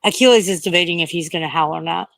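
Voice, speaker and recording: A woman's voice: fairly low pitch, fast, vocal fry, a bit bright, dry recording. Woman streamer outdoors at night, breathless and scared, curses freely, dry close sound. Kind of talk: casual livestream chat.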